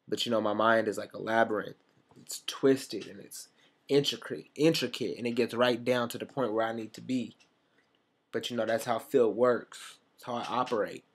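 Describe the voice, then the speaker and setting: A man's voice: mid-range voice, fairly bright tone. A young man telling rambling, sarcastic stories straight to camera, swearing freely as he goes. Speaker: vlogger. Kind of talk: casual storytelling monologue.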